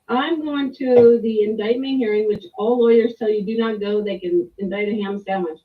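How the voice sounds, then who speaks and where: A woman's voice: a little high, fairly even intonation, moderate pace, hardly any pauses. A middle-aged woman giving a rambling, candid personal testimony with restarts and mild swearing. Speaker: client sharing a testimonial. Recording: tinny phone-like line, distant from the mic.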